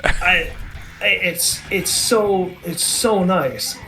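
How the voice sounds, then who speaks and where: A man's voice: sits high, drawn-out words, vocal fry, over music. A man in his thirties, a podcast co-host in casual chat, enthusiastic and rambling with many restarts. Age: 30s.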